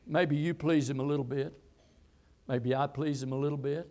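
High-voiced preacher hollering a sermon. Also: male voice, normal speed. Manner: builds from calm teaching to hollering. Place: church with pulpit.

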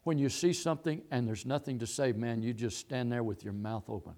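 A man's voice: mid-range voice, a little fast, darkish tone. A man preaching a sermon, repeating and stressing his points as he quotes scripture. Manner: emphatic, repetitive preaching with Bible quotes.

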